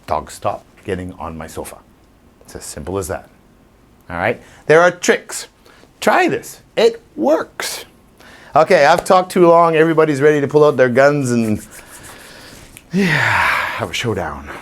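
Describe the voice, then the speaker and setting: Male dog trainer, talks to a crowd, lively up-and-down pitch, theatrical. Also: moderate pace. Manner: animated, acts out scenes with voices. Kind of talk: informal talk to a live audience.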